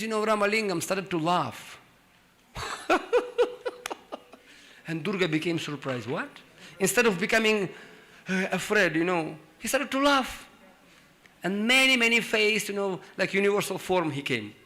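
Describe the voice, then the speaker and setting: A man's voice: high voice, moderate pace. A middle-aged man telling a story in a sermon, acting out its characters and laughing often. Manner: animated, acts out voices in the story, laughs often. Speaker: speaker giving a scripture class.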